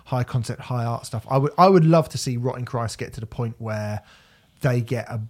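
A man's voice: mid-range voice, normal speed. A man co-hosting a podcast, chatting casually and rambling emphatically, repeating words as he talks. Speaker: podcast co-host reviewing albums. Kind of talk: casual chat.

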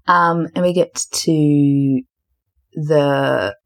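A woman's voice: deep voice, extremely slow. A young woman hosting her own podcast, telling a story in a chatty, dramatic way full of fillers. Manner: chatty, filler-heavy, self-described dramatic. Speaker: podcast host. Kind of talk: casual storytelling.

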